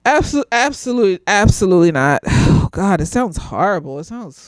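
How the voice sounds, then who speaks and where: A slightly tipsy woman gives a loose, casual review of a TV show. Her pitch leaps all over as she talks, and she laughs often and swears freely. The sound is close and dry. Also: big pitch swings, moderate pace, few pauses, no room sound.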